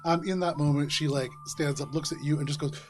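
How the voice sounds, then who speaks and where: A man's voice: on the high side, steady tone, fairly quick, darkish tone, faint music behind. Casual male game master. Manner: casual, filler-heavy narration. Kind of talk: narrating a tabletop game.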